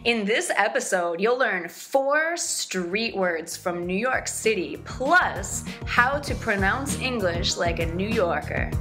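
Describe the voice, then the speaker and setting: A woman co-host reading a scripted episode introduction in a clear, upbeat way. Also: mid-range voice, animated, slow, hardly any pauses. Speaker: podcast co-host. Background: music.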